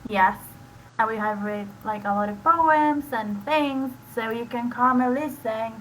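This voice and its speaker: A woman with a Spanish accent and a somewhat high voice talks through her reading sessions in a loose, rambling way, leaning on "like" and restarting sentences. Her first language is Spanish, and she comes through a computer mic on a voice chat with a faint hiss behind her. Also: measured pace, a bit bright, poor audio. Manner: rambling, with many "like" fillers and restarts. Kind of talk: casual screen-share explanation.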